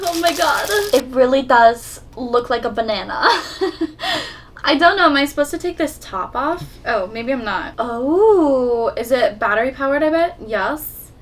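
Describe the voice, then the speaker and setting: A woman's voice: high-pitched, animated, a little slow, fairly bright tone. A young woman chatting through an unboxing video, bubbly and gushing, with frequent gasps and giggles. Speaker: unboxing vlogger. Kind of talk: casual unboxing chat.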